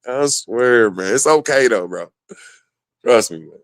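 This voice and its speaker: A man with a medium-pitched voice jokes around in relaxed conversation, swearing a lot and frequently breaking into laughter between lines. There's no echo.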